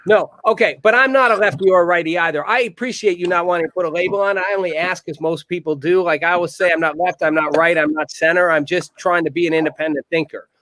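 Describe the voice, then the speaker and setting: A man hosting a live call-in talk show, brisk and joking, asking guests pointed questions. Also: high voice, fairly even intonation, a bit bright, no echo. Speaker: host.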